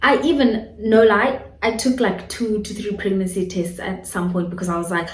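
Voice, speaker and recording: A young woman from South Africa talks frankly and expressively to her camera, chatty and unguarded. Her voice sits at an ordinary middle pitch. It bounces around a roomy, echoey space, and she sounds a little far from the mic. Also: normal speed, few pauses, a little hiss or hum. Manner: candid, animated storytelling, addresses viewers as guys. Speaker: vlogger. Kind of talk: casual talk to camera.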